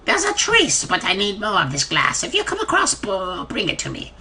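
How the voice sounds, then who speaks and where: A man's voice: sits high, wildly swooping pitch, moderate pace, creaky, pushed and bright, pitched above the performer's own voice, heavily acted. A man voicing an irritable male glass blower who is busy with his experiments and snaps at anyone who interrupts. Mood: grudging. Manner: testy, impatient, swearing.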